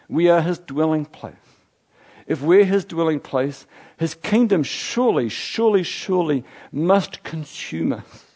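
A middle-aged man from New Zealand, a pastor preaching a sermon, building from quiet reflection to fervent exclamations. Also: on the high side, breathy edge. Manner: impassioned, rising to fervent exclamations.

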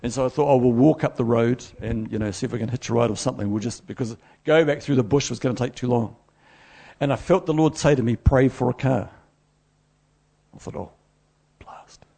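A middle-aged man preaches, his voice gravelly and a little husky. He tells stories with animated, self-deprecating energy. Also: mid-range voice, fast talker. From New Zealand. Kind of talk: sermon.

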